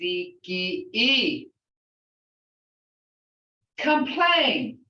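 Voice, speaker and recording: Slow older woman teaching, echoey and distant. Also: mid-range voice, animated, a bit bright. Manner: sounds words out syllable by syllable, chatty asides. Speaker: language teacher. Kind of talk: language class instruction. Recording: echoey, distant, dull sound.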